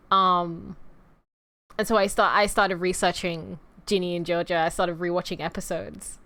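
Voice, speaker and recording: A woman's voice: lowish voice, fairly bright tone, dry recording. Chatty rambling woman streamer. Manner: rambling, chatty, playful asides to chat; addresses viewers as "you guys" and "y'all". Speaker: VTuber streamer. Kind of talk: casual stream chat.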